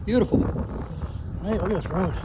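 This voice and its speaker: A man's voice: high-pitched, a little fast, heavy background noise. A man in his fifties chatting casually and swearing freely as he talks while cycling outdoors on a country road, at times out of breath. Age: 50s. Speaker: vlogger.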